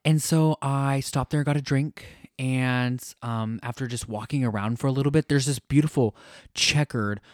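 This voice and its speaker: A man's voice: medium pitch, moderate pace, no room sound, studio quality. Gushing man telling a travel story. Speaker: podcast co-host. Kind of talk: casual travel chat.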